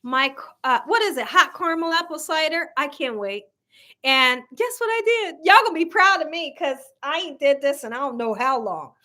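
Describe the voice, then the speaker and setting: A woman's voice: sits high, lively intonation, moderate pace, sharp tone. A woman hosting a casual cooking livestream, chatty and laughing often as she reads viewer comments aloud. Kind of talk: casual live chat reading viewer comments.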